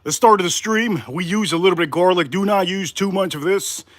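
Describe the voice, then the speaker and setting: A man's voice: high-pitched, fairly quick, fairly bright tone, no room sound. A man hosting a casual live cooking stream from his home kitchen, out of breath from crouching while he talks to his viewers. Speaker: livestream cooking host.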